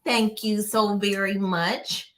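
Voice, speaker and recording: A woman vlogger telling a personal story to her viewers in a casual, animated way, acting out what others said. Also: medium pitch, slow. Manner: animated, acts out quotes.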